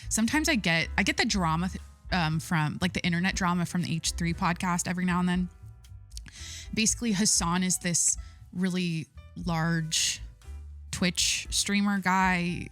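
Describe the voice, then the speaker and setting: A woman hosting her own podcast in a casual solo chat, talking forcefully from the chest and rambling with lots of fillers. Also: fairly low pitch, moderate pace, soft background music. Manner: forceful, talks with full chest; chatty, rambling with many fillers. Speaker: podcast host.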